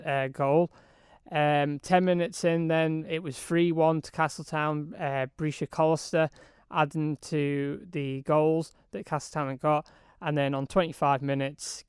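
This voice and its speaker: A man with a Manx accent, slightly hoarse, describing hockey matches in an excitable sports chat full of fillers and restarts. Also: on the high side, no echo, studio quality. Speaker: hockey reporter.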